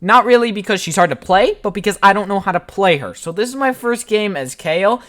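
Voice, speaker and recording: Young male gamer, lively casual voiceover, self-mocking humor, slightly high voice. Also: brisk. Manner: casual, self-deprecating, joking. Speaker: gaming channel host. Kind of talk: gameplay voiceover commentary.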